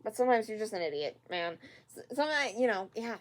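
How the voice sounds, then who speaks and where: Very animated and fast-talking, a woman with a mid-range voice hosts a reaction video in a casual, rambling way, leaning on fillers and repeats. She lets out exasperated sighs at what she's watching.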